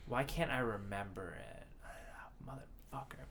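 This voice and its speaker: A man's voice: medium pitch, normal speed, fairly bright tone, slight background noise. A man telling a story in casual chat, rambling and swearing, with lots of restarts. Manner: rambling, profane, restarts a lot.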